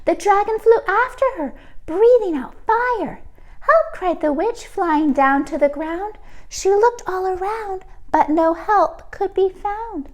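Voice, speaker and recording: Lady teacher reading a storybook to kids, slow and super expressive, asks questions. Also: very high-pitched. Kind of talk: storybook read-aloud.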